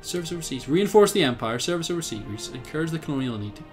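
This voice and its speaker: A young man with an Irish accent talks through a strategy game in a casual let's-play. His slightly high voice swings widely up and down as he thinks aloud, laughing often and breaking into excited outbursts. Faint music plays underneath. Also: fast talker. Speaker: game commentator.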